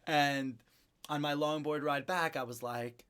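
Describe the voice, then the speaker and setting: A young man in his twenties, an independent musician chatting in an interview and telling an animated story, acting out what people said. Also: a little high, unhurried, smooth.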